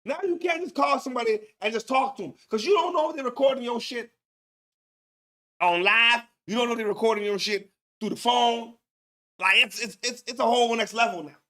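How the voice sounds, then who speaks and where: A man's voice: extremely high pitch, brisk, bright, forceful tone. A man hosting a live stream, talking in slangy, profane casual commentary and laughing often. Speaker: livestream host.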